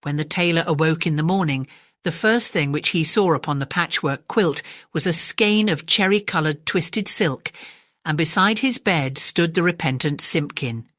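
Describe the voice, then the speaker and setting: A woman with an English accent reading a classic children's story aloud, gentle and expressive. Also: sits low, moderate pace, no echo, studio quality. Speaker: audiobook narrator.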